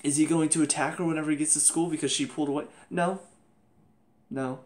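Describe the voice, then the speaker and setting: A man rants his way through a casual TV review, sounding openly exasperated. His voice sits a little high for a man, and he keeps slipping into put-on voices to mock the characters. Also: fairly even intonation, fast talker, a little mellow.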